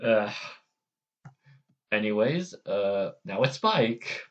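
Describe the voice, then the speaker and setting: A man's voice: mid-range voice, fairly even intonation, measured pace, a bit bright, muffled recording. A man chatting casually on a vlog, hesitant and self-deprecating, with many restarts. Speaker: vlogger.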